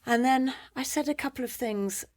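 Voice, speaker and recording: Lively British woman telling a personal story. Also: fairly high pitch, moderate pace. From Britain. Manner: animated, acts out quoted voices. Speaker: guest.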